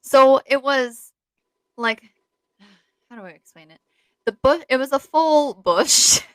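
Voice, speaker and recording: A woman's voice: high-pitched, slow, a bit bright, clean tone, no room sound, rough recording. A young woman co-hosting a podcast, chatting casually with a rambling, giggly manner and many fillers. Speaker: podcast co-host. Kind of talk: casual chat.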